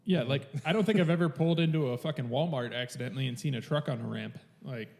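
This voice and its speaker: Gravelly, profane man telling stories. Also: mid-range voice, quick pace, a little mellow, in a large hall. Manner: blunt and profane, swears freely. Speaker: podcast co-host. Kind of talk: casual chat, telling stories.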